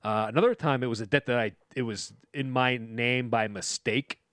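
A man's voice: medium pitch, moderate pace, fairly bright tone, clean tone, no room sound, clean studio sound. A man co-hosting a comedy podcast, telling rambling stories and laughing through them. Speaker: podcast co-host. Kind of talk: casual chat.

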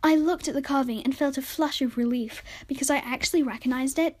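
Casting: podcast storyteller, high voice, chatty and informal, reads a novel aloud. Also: female voice, fairly even intonation, brisk, few pauses, a little mellow. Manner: chatty, self-correcting, informal. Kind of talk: storybook reading.

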